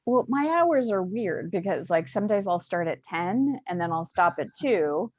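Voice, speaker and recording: Interview guest, middle-aged woman, low voice, dry close sound, chatty and upbeat. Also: animated, measured pace, a little mellow, dry recording. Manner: chatty, upbeat, many fillers like "you know". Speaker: author and guest. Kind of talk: casual interview.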